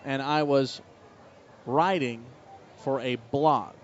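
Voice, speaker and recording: A man's voice: medium pitch, takes it slowly, a little hiss or hum. Baseball announcer man, slightly muffled broadcast. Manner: relaxed, anecdotal storytelling between lively play calls. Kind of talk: live baseball commentary mixed with personal storytelling. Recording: slightly muffled broadcast audio with faint ballpark ambience.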